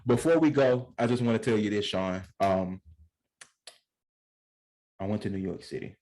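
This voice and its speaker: A young adult man co-hosting a podcast, telling stories in a slangy, animated way and acting out voices in casual chat. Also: fairly low pitch, moderate pace, poor audio. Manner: animated storyteller, slangy, acts out voices in anecdotes. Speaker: podcast co-host.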